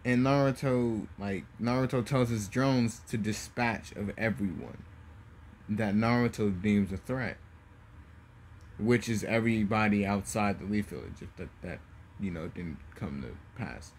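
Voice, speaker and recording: A man casually retelling a fan story, halting often with fillers and restarts. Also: lowish voice, slight background noise.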